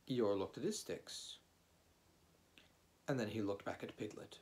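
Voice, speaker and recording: A man reading a children's story aloud in a gentle, unhurried way. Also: fairly low pitch. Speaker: audiobook reader. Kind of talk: storybook narration.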